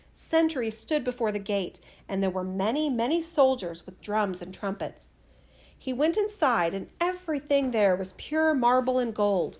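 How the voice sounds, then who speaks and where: A woman narrating a fairy tale in a steady, expressive reading. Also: on the high side. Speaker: storyteller.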